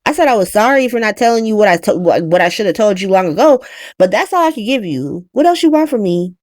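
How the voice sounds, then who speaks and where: A woman's voice: medium pitch, lively intonation, fast, darkish tone, no room sound, clean studio sound, close to an everyday voice. A woman voicing an exasperated middle-aged mother who rants, curses and answers with sarcasm. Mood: indignant rant. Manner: profane, ranting, sarcastic.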